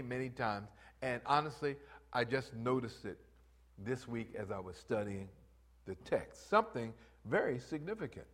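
A man preaching a sermon, acting out voices and building to loud, repeated calls to rise. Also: a little high. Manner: animated preaching, acts out voices, rises to loud exhortation. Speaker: pastor.

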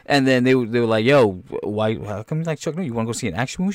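A man riffs on a movie trailer, loud and full of laughter, swearing freely in slangy speech. He has a middle-pitched voice. The sound is dry and close, with no room echo. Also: lively intonation, quick pace. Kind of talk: profane comedic trailer reaction.

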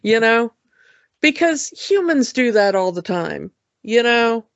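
A podcast co-host in casual chat, relaxed and easygoing, who peppers every thought with "you know". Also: medium pitch, takes it slowly, gravelly, no room sound. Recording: dull lo-fi sound.

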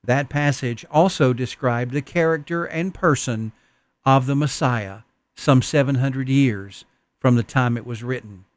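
A man's voice: mid-range voice, measured pace, no room sound. A man preaching a Christmas sermon, telling stories in an earnest, folksy way. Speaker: pastor.

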